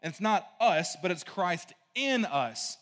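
A man's voice: high-pitched, sing-song, unhurried, fairly bright tone, in a large hall. A man preaching a conversational sermon, casual and rambling, full of asides and "right?" checks to the congregation. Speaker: pastor.

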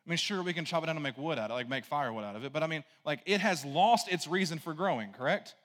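A man's voice: on the high side, lively intonation, fast talker, a bit bright, big-room sound. A man preaching a conversational sermon, casual and rambling, full of asides and "right?" checks to the congregation. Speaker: pastor.

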